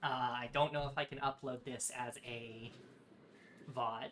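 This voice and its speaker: A woman streamer chats casually during a game, playful and profane, in a low, deep voice. She laughs often. A faint hiss of noise sits behind her. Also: steady tone, unhurried. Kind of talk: casual gaming stream chat.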